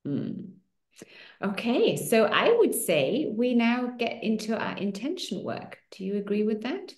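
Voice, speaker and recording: A woman's voice: a little high, a little slow, echoey room. Encouraging woman coaching a group. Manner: encouraging, animated, repeats affirmations. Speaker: host of a women's money circle. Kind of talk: coaching talk to an online group.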